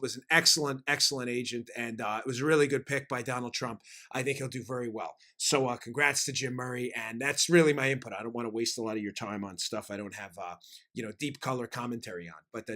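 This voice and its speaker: A man's voice: mid-range voice, bright, forceful tone. A man hosting a political talk show, speaking emphatically in punchy bursts. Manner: emphatic, fast-shifting, punchy delivery. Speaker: host.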